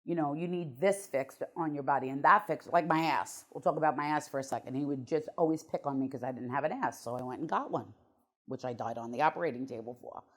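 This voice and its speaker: A woman's voice: sits low, fast talker. A middle-aged woman, a guest on an interview show, telling her life story bluntly and emotionally, with some swearing.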